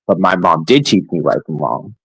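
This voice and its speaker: A man's voice: sits low, animated, normal speed, creaky, breathy edge, dry recording, low-quality recording. A man ranting angrily and profanely to his viewers in a scornful vlog tirade. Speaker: vlogger. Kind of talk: angry rant to camera.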